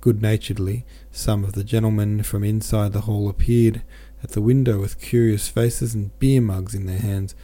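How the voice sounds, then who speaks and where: A man's voice: fairly low pitch, flat delivery, normal speed, hardly any pauses, warm tone. A man who hosts a podcast, reading a novel aloud in a plain way with small stumbles, then signing off casually. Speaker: podcast host and audiobook reader.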